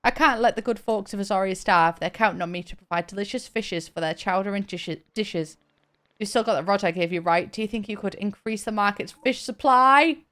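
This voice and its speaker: A shipwrecked villager fisherman from a cozy game, lines read out plainly by a woman streamer. the voice sits a touch high, with no real character voice put on. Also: fairly quick, pushed and bright, clear, resonant tone. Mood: rueful. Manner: plain read-aloud of game dialogue text. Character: male fisherman villager who lost his ship. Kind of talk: reading game text aloud on stream.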